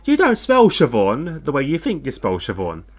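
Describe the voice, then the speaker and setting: A man's voice: fairly high pitch, wildly swooping pitch, moderate pace, faint music behind. A man co-commentating a live online racing league, laid-back and self-mocking, laughing at himself often.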